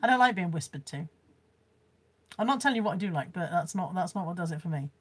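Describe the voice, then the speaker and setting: A woman's voice: on the low side, lively intonation, fast talker, husky. A woman chatting casually on a live stream as she shows off a car boot haul and reads out viewers' comments, laughing often.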